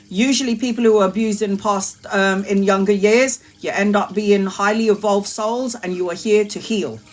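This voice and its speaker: A woman tarot reader speaks to her live-stream audience in an emphatic, repetitive way, with a mid-range voice. She calls her listeners sweet names and drops blunt swear words without hesitation. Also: medium pitch. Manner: emphatic and repetitive, addresses viewers as "my love", swears freely. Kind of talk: live-streamed spiritual talk.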